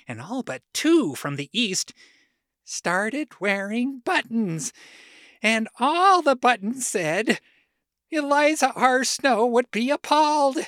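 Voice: medium pitch, no room sound, clean studio sound. A storyteller giving a dramatic monologue reading, wry and gossipy, changing tone for quoted speech. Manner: expressive, shifts tone for quoted speech.

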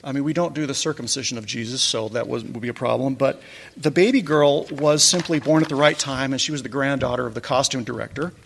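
Presenter, male, gravelly, wry and chuckling, casual slide talk, reverberant hall sound. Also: mid-range voice, fast, fairly bright tone, a little hiss or hum. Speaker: presenter recounting a church pageant.

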